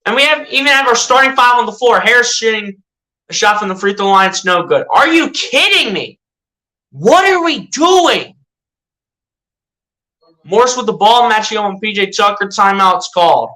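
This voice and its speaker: Fairly quick and bright, a forceful mid-range voice runs live play-by-play of a basketball game on a low-quality recording. The exasperated fan chats constantly, aiming rhetorical questions at the team and repeatedly correcting or repeating himself.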